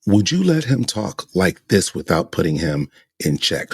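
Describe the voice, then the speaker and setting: A man's voice: sits low, big pitch swings, a little slow, gravelly, slightly rough, no room sound, studio quality. A man hosting a podcast, giving emphatic opinion commentary full of rhetorical questions. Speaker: podcast host.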